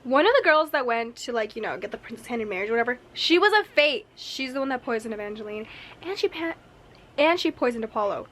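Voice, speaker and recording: Chatty young woman, excitable book vlogger. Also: fairly high pitch, fast talker, a little hiss or hum. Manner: excitable, gushing, full of "like" asides. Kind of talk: casual reading vlog chat. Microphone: camera mic.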